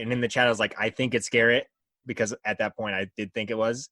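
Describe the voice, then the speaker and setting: A man's voice: mid-range voice, quick pace, bright, forceful tone, dry recording. A young man, a guest, telling a story in casual chat and acting out the lines he quotes.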